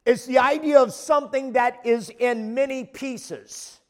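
High-voiced man preaching emphatically. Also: steady tone, measured pace. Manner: emphatic preaching with frequent repeated restarts. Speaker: pastor. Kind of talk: sermon.

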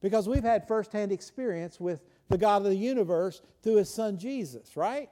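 A male preacher talks through his sermon in a chatty, questioning way, swinging from loud emphasis to hushed asides. His voice sits high, yet has a mellow, warm tone. He sounds like he is preaching in a church. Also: normal speed.

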